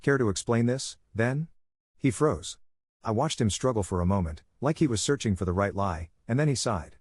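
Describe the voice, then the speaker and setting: Male narrator, husky and low, dry close sound, measured story reading. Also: expressive, darkish tone, dry recording. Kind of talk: scripted first-person story narration.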